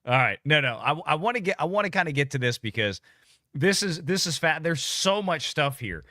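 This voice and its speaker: A man's voice: on the high side, big pitch swings, brisk, bright, forceful tone, no echo, clean studio sound. A man hosting a live political talk stream, chatting casually with many restarts and easy laughs. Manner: rambling, frequent restarts, laughs easily.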